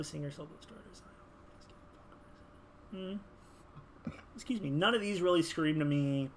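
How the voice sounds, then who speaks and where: On the high side, this male gaming video creator's voice comes with a little hiss or hum in the audio. He builds a game character while chatting in an animated, rambling way full of fillers.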